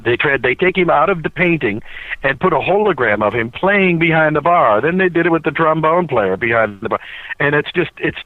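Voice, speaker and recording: A man recounts an anecdote in a casual, animated way, stumbling over fillers and restarts. His voice comes through a tinny cell phone recording. The sound is dry, with no room around it. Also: on the high side, fairly quick, no room sound. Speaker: interview guest.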